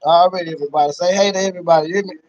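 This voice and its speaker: A high-pitched man runs a casual livestream, pumping up viewers with repeated shout-outs and catchphrases. The sound is dry and dull, like lo-fi stream audio. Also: fairly even intonation, racing, no echo. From Dallas, Texas. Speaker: livestream host.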